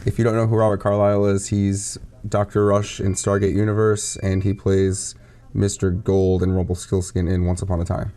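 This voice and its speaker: A young man co-hosting a casual podcast chat, playful and quick to explain things at length. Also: low voice, monotone, mellow. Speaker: co-host.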